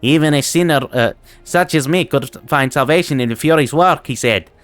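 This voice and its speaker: A man voicing a desperate accused arsonist who shouts and pleads his innocence. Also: on the high side, normal speed, no echo, soft background music, pitched above the performer's own voice, close to an everyday voice.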